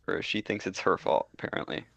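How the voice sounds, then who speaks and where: A man's voice: brisk, fairly bright tone, no echo. A man co-hosting a film podcast, casually reading from his notes with dry remarks. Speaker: podcast co-host. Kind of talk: casual chat.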